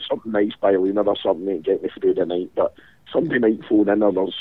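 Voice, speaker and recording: A man's voice: deep voice, fairly even intonation, rapid-fire, no room sound. A man with a Glasgow accent calling in while ill with a cold, rambling and swearing his way through casual banter. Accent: Scottish, Glasgow. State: ill with a cold, rough-voiced. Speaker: caller. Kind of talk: casual chat. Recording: tinny phone line.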